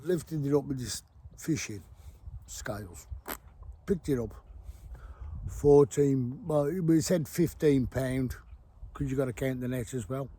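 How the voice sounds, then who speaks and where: A man's voice: medium pitch, slow pace, pauses often, mellow, a little hiss or hum. A middle-aged man, telling a rambling fishing story to camera by a river, blunt and free with swearing. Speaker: fishing vlogger. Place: outdoors by a river.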